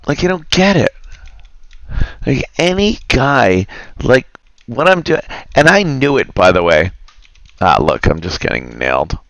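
Male streamer ranting over gameplay, slow and gravelly, bright edge, muttering curses. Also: on the low side, no echo. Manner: grumbling, profane, muttering asides. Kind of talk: casual rant while gaming.

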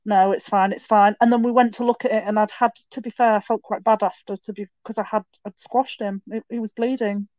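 A young woman telling stories in a casual podcast chat, with quick asides and restarts. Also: a little high, little pitch movement, a little mellow, no room sound, dull audio. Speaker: podcast guest.

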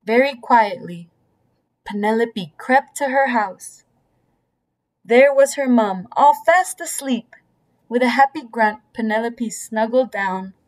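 A woman reading a bedtime story aloud in a gentle, storytelling manner. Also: a little high, animated, takes it slowly. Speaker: storybook reader.

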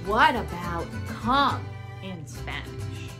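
A woman teaching toddlers simple words in a slow, sing-song way, repeating each word and asking little questions. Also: lowish voice, very animated. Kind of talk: toddler language lesson. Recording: music playing under voice.

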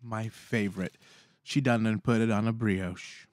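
A man's voice: lowish voice, steady tone, unhurried, dry recording. A man chatting casually to camera, telling a rambling story in a playful, theatrical way and mocking himself as he goes. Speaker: food vlogger.

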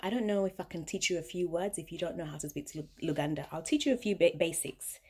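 A woman's voice: fairly low pitch, quick pace, a little mellow, slightly rough. A young woman from Uganda with a British South London accent, chatting playfully in a casual vlog and laughing often. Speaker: vlogger.

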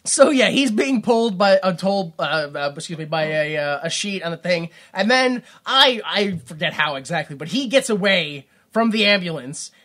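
A man's voice: high-pitched, expressive, normal speed, few pauses, sharp tone. A man co-hosting a podcast, recapping a movie in a rambling, jokey way and breaking into silly voices. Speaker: podcast co-host.

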